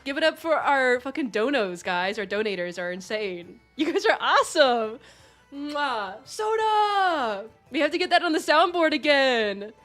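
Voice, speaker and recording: A young woman streamer with a fairly high voice. She gushes warmly and effusively, thanking her chat again and again. Faint music plays under her talk. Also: expressive, normal speed. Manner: gushing and effusive, thanking donors, giggly. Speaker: livestream host. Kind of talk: casual livestream chat.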